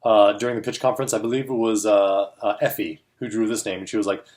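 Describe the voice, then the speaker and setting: A man with a lowish, steady, slightly mellow voice talks quickly as he co-hosts a film industry show. He tells a story in a casual, lively way, laughing often and acting out the voices of the people he quotes.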